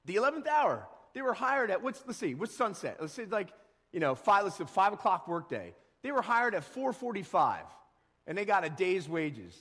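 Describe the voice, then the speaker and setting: Lively, animated male pastor preaching. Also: high voice, moderate pace, long reverb tail. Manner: casual, animated, acts out grumbling workers. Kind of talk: sermon. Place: church sanctuary.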